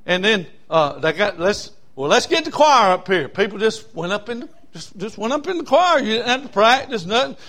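A man, telling a story in a sermon in a folksy, animated way, with bursts of whooping. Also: high-pitched, normal speed, few pauses. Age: 60s.

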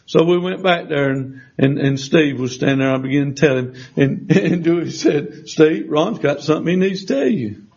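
A male preacher tells a personal testimony in a folksy, meandering way. He stumbles into restarts and acts out the other people's voices, and his voice sits fairly high. The recording sounds dull and lo-fi. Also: moderate pace, vocal fry, darkish tone.

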